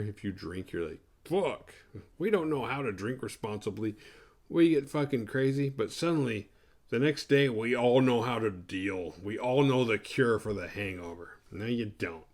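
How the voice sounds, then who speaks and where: Sarcastic, swearing movie-review host. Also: male voice, fairly low pitch, moderate pace, darkish tone. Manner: profane, rambling, sarcastic. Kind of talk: casual movie recap.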